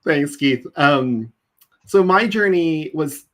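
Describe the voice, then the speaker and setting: A man's voice: on the high side, slow. A man from California, a nursing executive guest in an interview, telling stories animatedly and acting out quotes. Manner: animated storyteller, acts out quotes, laughs. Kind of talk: interview conversation, storytelling.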